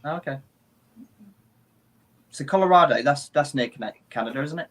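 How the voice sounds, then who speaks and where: A man's voice: mid-range voice, fast talker. A man in a casual pre-show chat, hesitant and playfully confused, often restarting his words.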